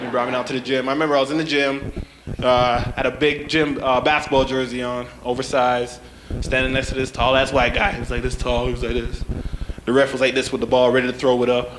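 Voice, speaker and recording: A man's voice: medium pitch, fast talker. A young man performing a stand-up routine, telling stories casually and acting out other people's voices. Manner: animated storytelling, acts out voices, says "man" a lot. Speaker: stand-up comedian. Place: comedy club stage. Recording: live club with loud crowd and noise.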